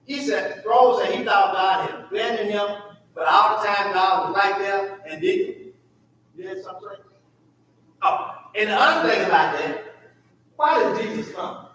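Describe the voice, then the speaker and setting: A man teaching a church Bible class, animated, asking the class questions and acting out the prayers. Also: high-pitched, measured pace, long pauses. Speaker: Sunday school teacher. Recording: echoey room, mic far off, faint noise.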